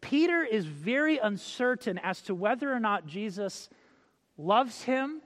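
A male preacher giving a sermon, telling stories, acting out quotes and reading scripture slowly. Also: sits high, big pitch swings, a bit bright, in a large hall. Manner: storytelling, acts out quotes, reads scripture slowly.

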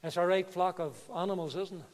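A man preaching a sermon with fervour, dropping to a hush and then rising to loud, impassioned peaks. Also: sits high, fairly even intonation, brisk. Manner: impassioned, swinging between hushed and loud. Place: church. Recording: reverberant church hall.

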